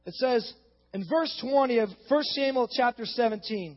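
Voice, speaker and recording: A man preaching a sermon in a church, retelling a story casually and building into animated exhortation. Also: very high-pitched, normal speed. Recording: dull sound with long hall reverb.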